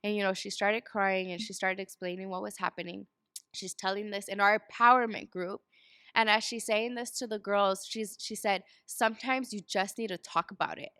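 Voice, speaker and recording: A woman in her twenties chatting as a podcast guest, animated, often laughing and acting out what people said. Her voice is smooth and resonant, recorded close and dry. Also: medium pitch, normal speed, no echo. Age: 20s. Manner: animated storyteller, acts out quoted dialogue, laughs often. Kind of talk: casual chat.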